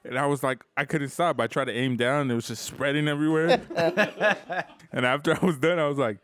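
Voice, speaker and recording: A man's voice: on the high side, expressive, a little fast, fairly bright tone. Man telling a loose, profane story. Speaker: podcast co-host. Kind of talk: casual storytelling chat.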